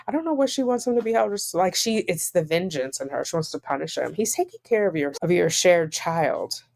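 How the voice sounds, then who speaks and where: A woman's voice: on the low side, animated, brisk, a little mellow. Woman reading court papers with sarcastic asides. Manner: sarcastic, dryly incredulous asides. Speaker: online commentator. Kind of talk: reading court filings aloud with commentary.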